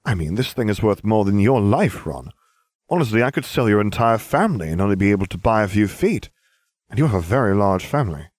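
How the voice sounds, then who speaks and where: A man voicing a smug, scheming teenage boy wizard who talks briskly and bossily. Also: fairly low pitch, very animated, darkish tone, no room sound, studio quality. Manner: brisk, self-satisfied, bossy.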